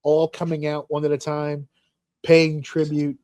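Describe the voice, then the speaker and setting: A man co-hosting a podcast, telling a story in casual chat with lots of swearing and animated excitement. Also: a little high, measured pace, no echo. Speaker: podcast co-host.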